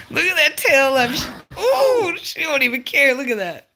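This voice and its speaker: A woman's voice: high-pitched, pushed and bright. A woman breeding dogs, chatting casually on a livestream and teasing her puppies in a playful scolding way. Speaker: dog breeder hosting a livestream.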